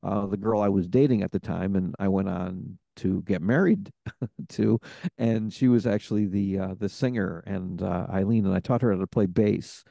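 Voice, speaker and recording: A podcast host telling stories in a casual chat, rambling with many fillers. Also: male voice, deep voice, steady tone, moderate pace, vocal fry, warm tone, no echo, studio quality.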